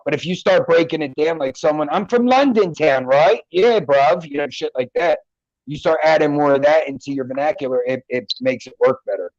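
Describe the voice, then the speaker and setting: This man, a Philadelphia-accented podcast host, jokes and swears through a casual chat show at home, now and then putting on mock accents. He speaks a little fast in a fairly high, steady voice, recorded dry on a computer mic with the highs cut off.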